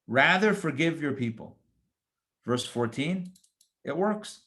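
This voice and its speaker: A rabbi reading scripture verses aloud and explaining them in casual asides, with lively, emphatic rhetorical questions. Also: male voice, on the high side, slow, long pauses. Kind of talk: Torah study lesson.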